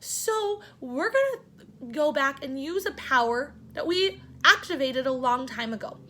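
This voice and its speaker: A young woman teacher giving a phonics lesson to children, sounding words out slowly part by part and encouraging them. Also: high-pitched, animated, bright, forceful tone. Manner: slow, sounding out word parts, encouraging.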